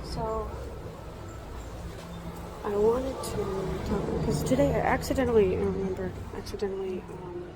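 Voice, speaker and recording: A woman in her thirties casually vlogging while walking, talking in an earnest, rambling way with frequent pauses. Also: mid-range voice. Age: 30s. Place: outdoors on a city street with construction nearby. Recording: traffic and construction noise behind.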